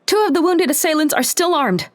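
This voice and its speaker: A narrator voicing a tough young female police officer who speaks briskly and urgently in a raised, higher voice. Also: animated, darkish tone, no room sound, close to an everyday voice. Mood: urgent shouting.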